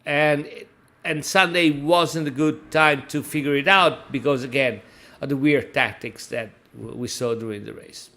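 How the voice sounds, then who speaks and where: A man's voice: medium pitch, fairly even intonation, a little slow, sharp tone. A man co-hosting a casual motorsport podcast, talking hesitantly with many fillers and restarts. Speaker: podcast co-host, F1 commentator. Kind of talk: casual chat.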